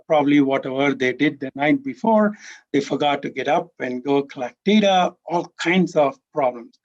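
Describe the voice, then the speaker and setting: A man's voice: a little high, darkish tone. Brief: male lecturer, conversational conference talk, many "you know" fillers, dull lo-fi recording. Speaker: university lecturer presenting on his teaching. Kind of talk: conference presentation.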